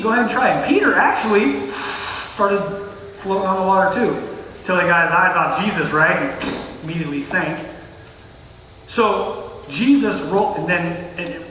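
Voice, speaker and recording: Slangy pastor in an echoey church hall. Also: male voice, high voice, a little hiss or hum. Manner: slangy, animated retelling with playful voices. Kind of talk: casual expository sermon. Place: church sanctuary. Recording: echoey hall, distant mic.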